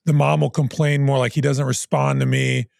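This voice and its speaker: A man hosting a podcast asks a question in a casual, halting way, restarting his sentences. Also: mid-range voice, flat delivery, creaky, darkish tone, no room sound, studio quality. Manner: halting, restarts while asking. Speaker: podcast host.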